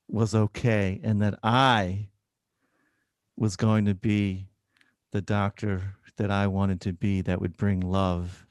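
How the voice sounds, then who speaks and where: Brief: low-voiced man, a doctor animatedly telling a story, dry recording. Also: no room sound. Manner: animated storyteller, acts out dialogue. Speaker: oncologist, guest. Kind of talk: personal storytelling in an interview.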